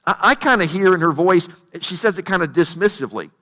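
Male pastor, high bright voice, chatty storytelling sermon w rhetorical questions. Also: expressive, moderate pace, hardly any pauses, long reverb tail.

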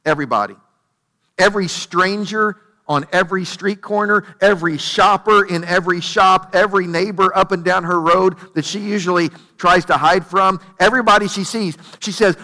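Bright, high-voiced conversational preacher. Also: male voice, normal speed, long reverb tail. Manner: conversational storytelling with rhetorical questions. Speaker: pastor. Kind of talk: sermon.

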